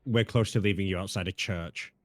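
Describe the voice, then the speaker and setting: A man's voice: deep voice, brisk. A man co-hosting a casual chat, teasing and exasperated, with plenty of swearing. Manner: exasperated, sweary, lively ribbing.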